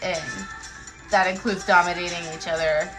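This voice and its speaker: A woman's voice: fairly low pitch, fairly even intonation, moderate pace, music in the background, rough recording. A woman author chatting casually with viewers on a phone livestream, rambling and giggly, often joking about herself.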